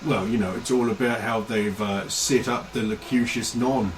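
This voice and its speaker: A man's voice: fairly low pitch, steady tone, moderate pace, slight background noise, close to an everyday voice, rough recording. A man voicing a leering Cockney layabout who mutters and rambles on in slang. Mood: rambling.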